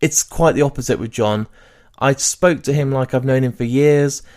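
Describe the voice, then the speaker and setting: A man's voice: mid-range voice, normal speed, darkish tone. A man hosting a podcast, effusive and eager, interviewing a guest and wrapping up the episode. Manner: enthusiastic, effusive. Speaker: podcast host. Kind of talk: interview and outro talk.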